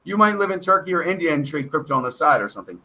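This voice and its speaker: Excitable rambling American man, high bright voice. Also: very fast. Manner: rambling, excitable, self-deprecating asides. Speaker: stock market show host. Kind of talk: casual livestream commentary.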